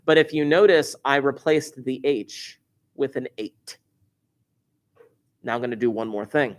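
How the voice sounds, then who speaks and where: A man's voice: mid-range voice, a little slow. A man teaching a math lesson to a class, explaining step by step with wry, joking asides.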